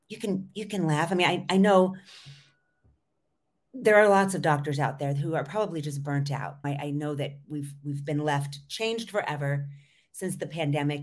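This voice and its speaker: A middle-aged woman hosting a solo podcast as a voice coach, talking in an animated, emphatic way with frequent asides. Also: fairly low pitch.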